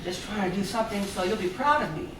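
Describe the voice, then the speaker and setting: A man's voice: high-pitched, animated, fast talker, fairly bright tone. A man voicing a bubbly nineteen-year-old daughter in a one-man stage reading, breathless and coaxing. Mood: chirpy coaxing. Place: theater stage, live audience. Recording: echoey theater from a distant mic.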